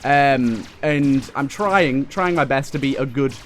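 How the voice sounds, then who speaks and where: A man's voice: mid-range voice, slow pace, a little hiss or hum. A young British man telling a rambling story over gameplay, with lots of restarts and fillers. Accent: British English. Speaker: let's play host. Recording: faint game music behind the voice.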